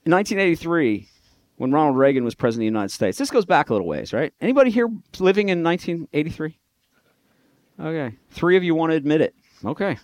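A man's voice: a little high, very animated, fast talker, no room sound. A middle-aged man giving a sarcastic talk to a live audience, mimicking other people's voices. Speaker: speaker addressing a live audience.

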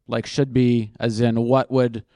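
A man's voice: mid-range voice, flat delivery, a little slow, mellow, no echo, studio quality. A man speaking at a conference and answering audience questions off the cuff, thinking aloud in a casual, self-deprecating way.

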